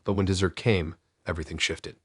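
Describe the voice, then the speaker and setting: A man narrating a first-person horror story in a low, measured, ominous storytelling voice. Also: steady tone, a bit bright, slightly rough, dry recording, studio quality.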